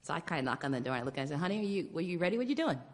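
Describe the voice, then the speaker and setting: A woman in her forties telling personal stories in a sermon, swinging between hushed whispers and loud exclamations. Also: low-pitched, very animated, very fast, long reverb tail. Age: 40s. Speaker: guest preacher and storyteller. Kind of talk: storytelling sermon. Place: church sanctuary.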